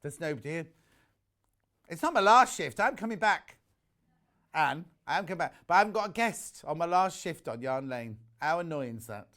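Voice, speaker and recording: A man's voice: a little high, animated, normal speed, fairly bright tone. A middle-aged man from the UK presenting fabric bundles on a live shopping channel, chatting in a rambling way full of jokey asides. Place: warm studio with the shutter doors open.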